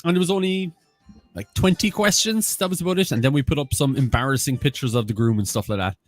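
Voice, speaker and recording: A man's voice: mid-range voice, quick pace. A man co-hosting a music quiz stream, chatting casually and greeting viewers by name. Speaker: quiz show co-host. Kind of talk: casual banter on a livestream.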